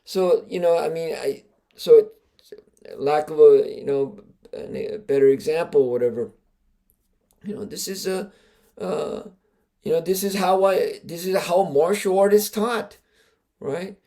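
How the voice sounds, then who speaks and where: A man, a martial arts grandmaster hosting a podcast, tells stories in a casual, animated way, stressing key words and often restarting with fillers. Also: fairly high pitch, measured pace, pauses often. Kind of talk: casual storytelling.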